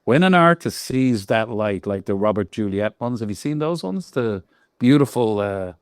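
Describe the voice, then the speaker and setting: A man's voice: on the low side, moderate pace, clean tone, dry recording, studio quality. Irish man in his sixties, anecdotal. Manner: lively, laughing anecdotes with quoted voices. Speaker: guest lighting designer. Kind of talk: casual interview storytelling.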